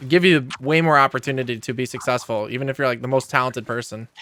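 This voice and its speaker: A man hosting a podcast, eagerly asking his guest questions and making quick callouts while they play a game. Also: medium pitch, sharp tone, slight background noise. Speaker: podcast host. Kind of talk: casual podcast chat while gaming.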